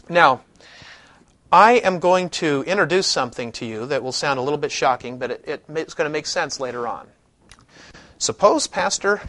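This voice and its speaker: Lively, chatty male Bible teacher. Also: on the high side. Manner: conversational, with frequent restarts and lively emphasis. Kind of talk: classroom lecture with scripture reading.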